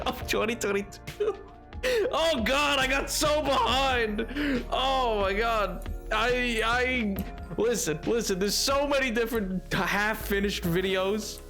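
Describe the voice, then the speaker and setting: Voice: medium pitch, a bit bright. A streamer chatting casually with viewers, playfully greeting people in a sing-song way and reading chat aloud with frequent laughs. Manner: frequent laughs and mock exclamations. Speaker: livestream host. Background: faint music playlist.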